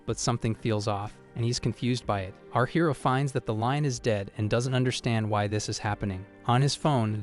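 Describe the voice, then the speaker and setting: A man narrating a comic-story recap in an even, scripted third-person telling. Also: medium pitch. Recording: faint music behind the voice.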